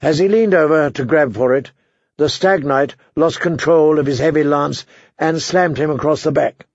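A man reading a fantasy novel aloud in measured scripted narration, voicing the dialogue lightly. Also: fairly high pitch, no echo, dull audio. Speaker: audiobook narrator.

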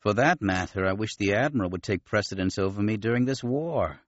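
A man voicing a modest male alien admiral with a nasal voice, gentle and courteous. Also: fairly low pitch, a little fast, no room sound, muffled recording, natural voice.

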